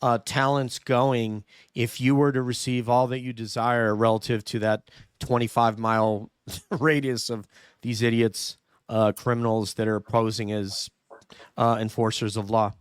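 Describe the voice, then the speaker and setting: A man hosting an interview, speaking haltingly with many filler pauses. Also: medium pitch, little pitch movement, smooth, dry recording, clean studio sound. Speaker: podcast host. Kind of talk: conversational interview.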